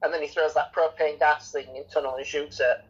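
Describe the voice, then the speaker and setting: Woman, film podcast co-host, husky, sweary ranting, dull lo-fi sound. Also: low voice, steady tone, brisk. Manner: ranting, sweary, mocks characters in put-on voices. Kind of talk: casual film review chat. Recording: dull lo-fi recording.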